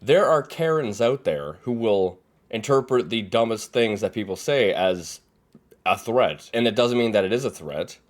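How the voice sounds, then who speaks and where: Young guy w a lowish voice, chatty rambling reaction host. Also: lively intonation, moderate pace. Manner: rambling, unsure asides. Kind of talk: casual reaction commentary.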